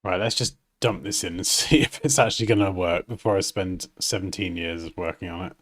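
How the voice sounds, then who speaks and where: A man's voice: deep voice, brisk, a bit bright. A man hosting a design livestream, chatting casually as he works and laughing often at himself.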